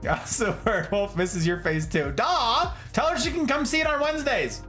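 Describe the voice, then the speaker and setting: A man from Nevada chatting casually on a livestream as he reads his chat, joking and swinging between high and low voices. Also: expressive, normal speed, bright, forceful tone, faint music behind. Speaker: streamer reading chat.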